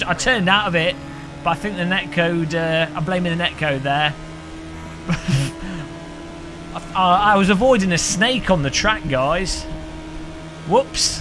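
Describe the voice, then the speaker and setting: A man streaming a racing game live, joking with chat and commentating excitedly. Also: sits high. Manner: excitable, jokey banter with chat. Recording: game engine noise behind voice.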